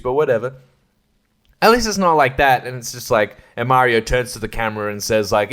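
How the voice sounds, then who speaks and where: A man's voice: medium pitch, fairly quick, fairly bright tone. A man hosting a solo podcast, rambling sarcastically, swearing a lot and laughing often. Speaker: podcast host.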